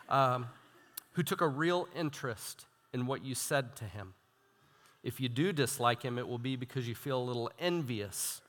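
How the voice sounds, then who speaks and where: Bright-voiced young male preacher, hall reverb. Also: mid-range voice. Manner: animated, self-deprecating, reads quotes with emphasis. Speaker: student minister. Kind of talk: sermon. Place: church hall.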